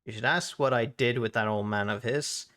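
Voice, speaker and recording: A man's voice: mid-range voice, normal speed, fairly bright tone, lightly acted. Brief: a man reading a scornful spirit woman sharing a body, plain game read. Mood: taunting. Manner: reading game dialogue aloud. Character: fierce old female spirit, taunting.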